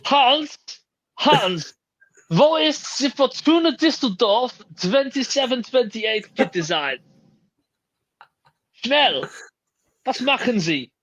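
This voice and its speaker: A flustered German man , put on by a man, who barks short orders in a thick mock German accent. The voice jumps high and loud, and the recording is dry and a little dull. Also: big pitch swings, slow, long pauses, no echo, heavily acted. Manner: barked commands, clumsy mock German.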